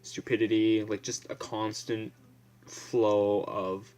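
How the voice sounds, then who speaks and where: A man's voice: fairly low pitch, little pitch movement, slow, darkish tone, smooth. A young man vlogging in a casual, blunt, profane ramble, full of fillers and restarts.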